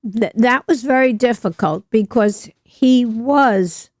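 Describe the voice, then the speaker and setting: A woman's voice: fairly high pitch, slow pace, darkish tone, no room sound. A woman in her eighties with a New Jersey accent, speaking earnestly and reflectively as a podcast guest. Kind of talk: casual interview conversation.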